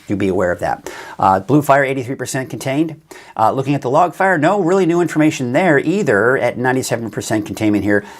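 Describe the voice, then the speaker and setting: A man hosting a weather forecast show, with a conversational style and some fillers and self-corrections. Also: lowish voice. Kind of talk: casual weather forecast talk.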